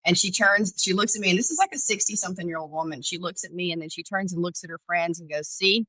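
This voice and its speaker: A woman's voice: fairly low pitch, fast talker, bright, forceful tone, no echo, low-quality recording. A middle-aged woman from Georgia, a former ER paramedic, telling candid stories in an interview and acting out dialogue with animation. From Georgia, USA. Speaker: podcast guest, former ER paramedic. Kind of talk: storytelling interview.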